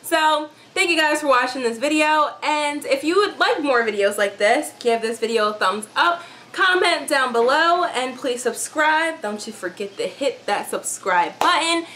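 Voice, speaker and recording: A woman with a high, light voice chats through a storytime vlog. She talks loosely and casually, with plenty of swearing and filler words. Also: animated, unhurried, bright, forceful tone. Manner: chatty, profane, filler-heavy storytelling. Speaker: YouTube vlogger.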